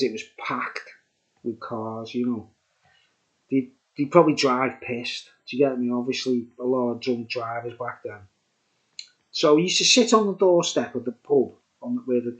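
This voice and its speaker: A man in his sixties rambling through a childhood story for his viewers, with digressions and chuckling asides. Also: medium pitch. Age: 60s. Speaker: vlogger. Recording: dull lo-fi recording.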